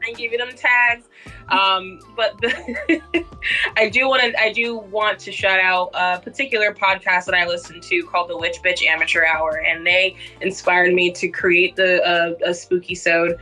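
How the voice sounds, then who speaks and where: A woman co-hosting a late-night podcast chats loosely, rambling and giggling. Her voice sounds bright and forward. Faint music plays underneath. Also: on the low side, steady tone, moderate pace. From Boston. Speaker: podcast co-host. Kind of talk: casual chat.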